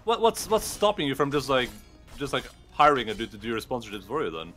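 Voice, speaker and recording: A man in casual chat, asking quick questions and stammering over restarts. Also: mid-range voice, expressive, pushed and bright, soft background music.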